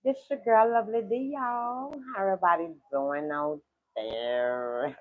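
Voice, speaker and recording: A woman's voice: fairly low pitch, measured pace. A woman hosting a casual livestream, chatting in a laid-back way with lots of fillers and a drawl. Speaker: livestream host. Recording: dull lo-fi stream audio.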